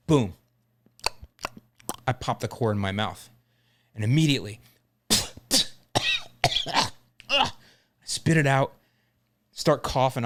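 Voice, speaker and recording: A middle-aged man hosting a lawn care podcast, telling a story in a casual, joking way. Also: on the low side.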